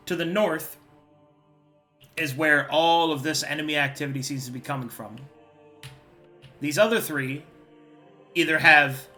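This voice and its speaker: A man's voice: a little high, bright, forceful tone. A man running a tabletop game, explaining the setting in a loose, casual way with fillers and restarts. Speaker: game master.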